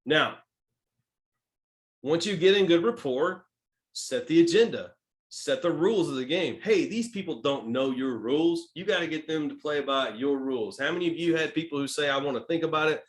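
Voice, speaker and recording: A man with a Texan accent giving a sales training talk, emphatic and checking in with "right?" and "okay?", swinging between loud stresses and soft asides. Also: a little high, lively intonation, moderate pace. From Texas. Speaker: sales coach.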